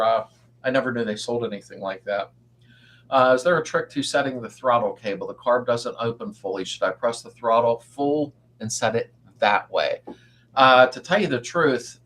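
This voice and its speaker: A man's voice: mid-range voice, fairly bright tone. An older man hosting a casual livestream, rambling in a folksy way as he answers viewers and greets them by name. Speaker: livestream host. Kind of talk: casual live-stream chat.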